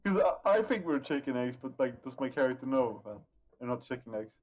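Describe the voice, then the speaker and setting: A man's voice: mid-range voice, animated, a little fast, darkish tone, highs cut off. A man playing a tabletop game, playfully arguing his character's choices. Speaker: player. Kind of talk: casual tabletop play.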